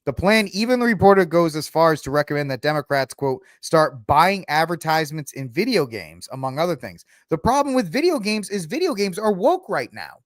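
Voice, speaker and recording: A man's voice: fairly high pitch, sing-song, fairly quick, few pauses, no room sound, studio quality. A man hosting a podcast, talking through the news in a rambling, sarcastic way and laughing at his own jokes. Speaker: podcast host. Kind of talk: casual political commentary.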